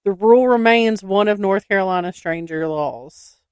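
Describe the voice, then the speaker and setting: During relaxed podcast talk, a woman co-host giggles through anecdotes and reads out quirky state laws, speaking to listeners as "y'all." Her mid-range voice is darkish, clear, and resonant at a normal speed, captured in a clean studio with no room sound.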